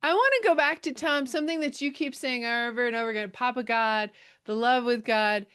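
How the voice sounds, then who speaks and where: A woman's voice: on the high side, fairly quick, a bit bright, clean tone, no echo, clean studio sound. A woman hosting a faith podcast interview, encouraging her guest with affirming murmurs. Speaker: podcast host.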